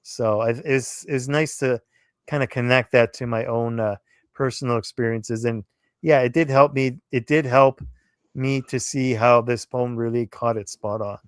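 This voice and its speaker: Smooth-voiced man telling chatty stories. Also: mid-range voice, moderate pace, dry recording. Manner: animated storyteller, playful impressions. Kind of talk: casual chat, personal stories.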